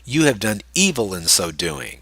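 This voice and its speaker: A man's voice: fairly low pitch, sing-song, normal speed, a bit bright, no echo. A man reading out a commanding ruler's orders.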